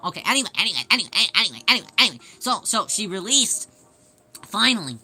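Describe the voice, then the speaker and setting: A woman live streaming while she sews, chatting casually with her viewers in a playful, excitable way. She repeats phrases in quick bursts and rambles with lots of restarts. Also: medium pitch, breathy edge. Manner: rambling, with frequent restarts and fillers.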